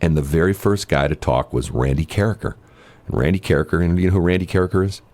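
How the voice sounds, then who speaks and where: A man's voice: low voice, quick pace, darkish tone. A man hosting a morning radio show, telling rambling stories with jokey asides in casual chat. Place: radio studio. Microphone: studio microphone.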